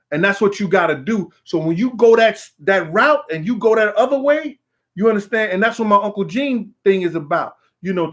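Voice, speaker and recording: A man's voice: high-pitched, a bit bright. A man hosting a casual call-in talk show, rambling in a streetwise way and often asking "you know what I'm saying". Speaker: show host. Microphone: phone call on air.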